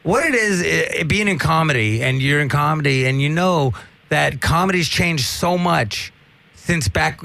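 A man's voice: on the high side, vocal fry, a bit bright, dry recording. A comedian, a man, rambling through profane stories in a casual podcast chat. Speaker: comedian guest.

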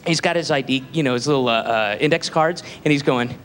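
A man's voice: medium pitch, fairly quick, hardly any pauses, fairly bright tone, slight background noise. A man telling a profane, rambling, sarcastic stand-up story. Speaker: comedian.

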